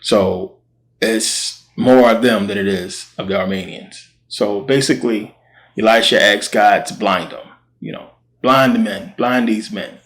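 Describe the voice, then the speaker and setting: Man, lowish voice, casual slangy storyteller, retells scripture conversationally. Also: a little slow, fairly bright tone. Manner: slangy, conversational, acts out quotes. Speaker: channel host.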